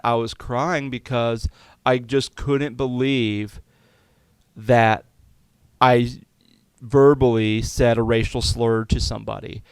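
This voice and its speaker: A man's voice: mid-range voice, clean tone, no room sound. A man hosting a podcast, telling a candid personal story in a confessional, conversational way with many fillers. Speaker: podcast host.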